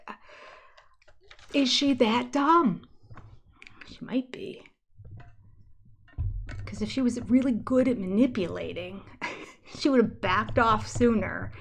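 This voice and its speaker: She has a gravelly, medium-pitched voice: an older reality TV reviewer running a casual livestream commentary. Her tone is gossipy and fed up, with occasional mocking whispers.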